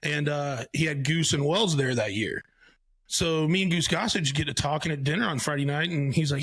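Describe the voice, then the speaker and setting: Lively higher-voiced male podcast host. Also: normal speed, no echo. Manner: animated, swears freely, acts out quotes. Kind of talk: casual storytelling chat.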